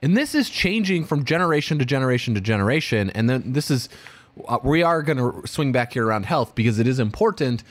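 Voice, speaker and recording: A man's voice: medium pitch, big pitch swings, brisk, no room sound. A man in his thirties hosting his own podcast, talking casually and rambling with restarts and fillers. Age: 30s. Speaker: podcast host. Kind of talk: casual solo podcast monologue.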